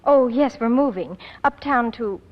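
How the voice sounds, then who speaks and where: An actress playing a soft-spoken, apologetic young woman who is the older sister, in a 1940s radio drama. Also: fairly high pitch, measured pace, dull audio, lightly acted. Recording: echoey old radio recording.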